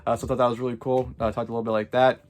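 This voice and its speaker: A male vlogger recounts events in a loose, rambling way, peppering his speech with "like" and "uh". He talks quickly, and his voice sits at an ordinary middle pitch. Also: level tone, darkish tone. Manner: rambling, full of "like" and "uh". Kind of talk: casual storytelling to camera.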